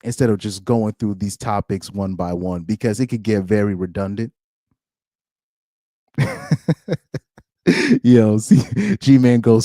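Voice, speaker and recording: A man's voice: on the low side, unhurried, long pauses, dark tone, no room sound, clean studio sound. A young man hosting a live-streamed podcast in casual chat, rambling and laughing often between loose, filler-heavy sentences. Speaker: podcast host.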